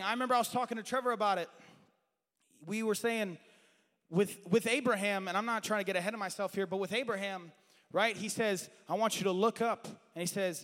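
A man with a high voice preaches a passionate sermon in a space with a big-room sound. His voice climbs to shouts, then drops to quiet asides, and he says he has strayed from his notes.

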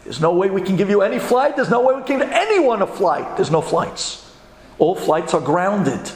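A man's voice: high-pitched, big pitch swings, normal speed, roomy sound, in a large hall. A man voicing an exasperated female airline counter agent who lectures her customers in disbelief. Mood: incredulous. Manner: incredulous, lecturing.

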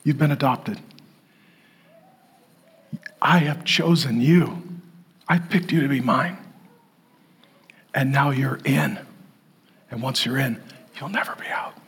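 A man voicing a gentle, strong adoptive father who speaks softly and reassuringly to a rescued child, with a husky voice. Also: mid-range voice, steady tone, slow, long pauses, heavily acted. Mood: tender. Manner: soft, hushed, reassuring.

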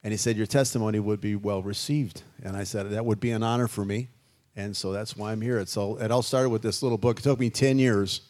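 A man's voice: on the low side, fairly even intonation, fairly quick, darkish tone. A man in his sixties from Chicago, telling his life story as a guest in a casual interview, in a reflective, rambling way. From Chicago, USA. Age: 60s. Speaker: guest musician.

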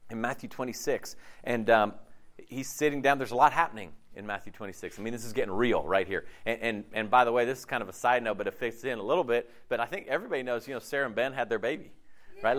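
A man, a pastor, giving a conversational sermon, casual and animated, often acting out quotes in his talk. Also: mid-range voice, fairly quick.

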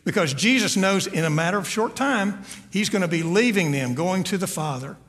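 In a church sanctuary with long hall reverb, a pastor preaches earnestly to his congregation, often repeating words as he looks for the next one. His voice is high and a bit bright, with lively intonation at a normal speed.

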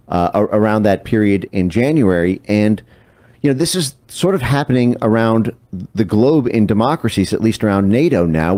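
Male interview guest, low-pitched, measured and analytical. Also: darkish tone. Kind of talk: political commentary in an interview.

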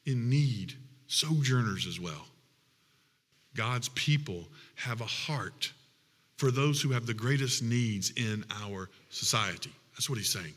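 A man's voice: medium pitch, takes it slowly, fairly bright tone, big-room sound. A man preaching a sermon as pastor, reading scripture and building to emphatic, humorous appeals. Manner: preaching with rising emphatic passages and humorous asides.

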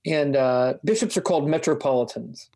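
A man co-hosting a casual talk show, chatting and reading a book passage aloud in a reflective, measured way that slows on key words. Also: on the high side, a little mellow.

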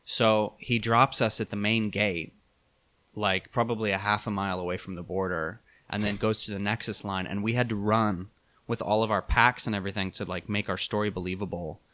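A young man telling a travel story in a casual chat, animated and laughing, with many fillers. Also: lowish voice, fairly quick.

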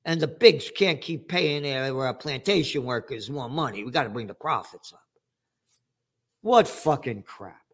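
A man's voice: mid-range voice, expressive, measured pace. An older man hosting an angry, profane commentary monologue, ranting sarcastically about the economy. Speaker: trend forecaster host.

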